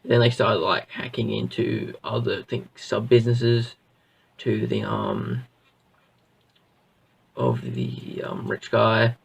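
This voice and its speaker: Gravelly-voiced man rambling through a review. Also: on the low side, animated, takes it slowly, long pauses, distant mic, poor audio. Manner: rambling, many fillers and restarts. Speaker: video reviewer.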